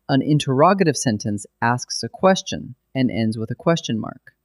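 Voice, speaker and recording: Steady male grammar teacher, dry sound. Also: mid-range voice, dry recording. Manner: steady, methodical explaining. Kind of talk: scripted instructional narration.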